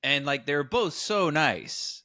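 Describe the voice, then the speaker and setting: A man hosting a podcast, telling an office story in a lively, animated way and acting out the quotes. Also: a little high, slow pace, no echo, studio quality. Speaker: podcast host. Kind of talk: casual chat, storytelling.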